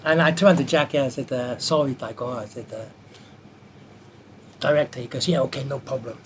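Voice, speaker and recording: A man telling a lively anecdote from his film career in an interview, acting out the quoted voices as he goes. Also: medium pitch, brisk, a little hiss or hum. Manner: animated anecdote teller who acts out quotes. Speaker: martial artist and film stunt performer. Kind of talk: storytelling in an interview.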